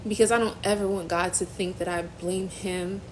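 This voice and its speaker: A young woman hosting a faith-based phone live stream, giving an emotional personal testimony in a halting, earnest way, near tears. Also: mid-range voice, steady tone, slight background noise, rough recording. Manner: halting, earnest, trailing off and restarting.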